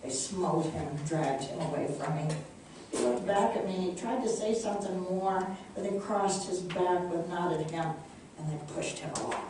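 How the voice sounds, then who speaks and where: Brief: woman reading her storybook aloud, measured and heartfelt, roomy echo, mic set back. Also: fairly low pitch, noisy background. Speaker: author reading her book. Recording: echoey room, distant mic.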